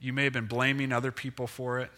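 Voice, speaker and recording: A male pastor giving a conversational, self-deprecating sermon with lively rises and falls in pitch. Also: quick pace.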